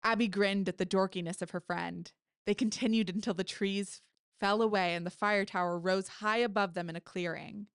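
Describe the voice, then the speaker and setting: A woman author reading her own horror story aloud, in a lively way, now and then correcting herself with a laugh. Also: mid-range voice, moderate pace, clean tone, no room sound, studio quality.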